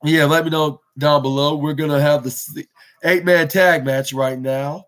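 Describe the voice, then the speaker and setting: On his podcast, a host with a fairly high-pitched voice recaps a wrestling show at a normal speed. He's excitable and rambling, restarting sentences as he goes.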